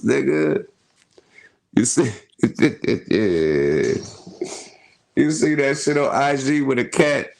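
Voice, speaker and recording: Middle-aged male host, slow gravelly delivery, loose laughing slang riffs. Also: medium pitch, lively intonation, darkish tone. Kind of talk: casual commentary.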